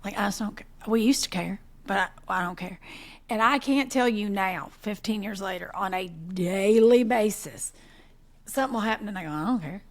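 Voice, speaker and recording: A woman in her forties co-hosting a podcast, telling animated stories in casual chat and laughing often. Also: mid-range voice, normal speed. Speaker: podcast co-host.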